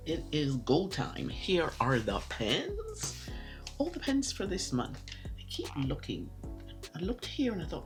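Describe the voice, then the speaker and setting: A woman's voice: lowish voice, wildly swooping pitch, a little slow, vocal fry, soft background music. A woman talking casually to camera about her pens and inks, chatty and rambling, often correcting herself. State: out of breath. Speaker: pen and ink vlogger.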